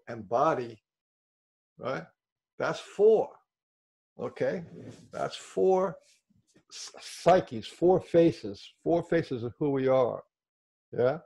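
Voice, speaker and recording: A man's voice: medium pitch, gravelly, a little mellow, husky. Male workshop speaker, explains things, keeps checking in with the group. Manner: explanatory, checks in with listeners often. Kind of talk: group discussion talk.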